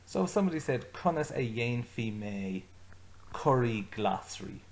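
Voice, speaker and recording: A man teaching an Irish language lesson, slowing down to model each phrase for his learners to repeat. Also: mid-range voice, very animated. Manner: slows right down to model phrases for repetition. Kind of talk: slow, deliberate lesson with repeat-after-me drills.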